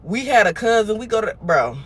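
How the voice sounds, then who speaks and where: A young woman hosting a casual livestream chat. She talks bluntly and swears freely, and her volume swings between loud and quiet. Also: medium pitch, sing-song, brisk, slightly rough. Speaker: livestream host.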